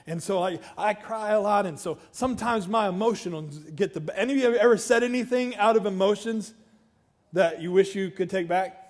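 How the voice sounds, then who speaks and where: A man's voice: high voice, moderate pace, darkish tone. A man preaching a conversational sermon as a pastor, chatty and self-deprecating, with joking asides to the congregation. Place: church.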